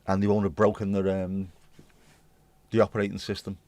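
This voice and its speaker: A man's voice: deep voice, monotone, brisk, darkish tone, dry recording. A man hosting a livestream, chatting to viewers in a rambling, jokey way and swearing casually. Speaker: livestream host.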